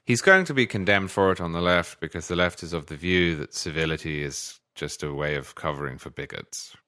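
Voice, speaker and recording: Low male podcast co-host, dry close sound, blunt wry remarks. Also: brisk, pushed and bright, dry recording. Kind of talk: casual political discussion.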